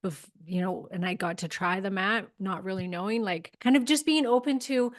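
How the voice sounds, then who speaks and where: A woman's voice: mid-range voice, normal speed. A woman hosting a podcast, chatting casually and retelling her experiences with a lot of "like" in her speech. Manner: chatty, lots of "like", animated retelling. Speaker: podcast host. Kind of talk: casual interview chat.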